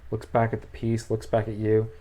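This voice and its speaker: A woman running a tabletop game as game master, narrating monsters in a relaxed, descriptive way. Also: rumbling low, moderate pace.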